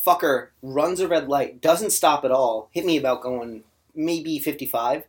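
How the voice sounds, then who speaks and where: A man's voice: on the high side, unhurried. Blunt young man in casual chat.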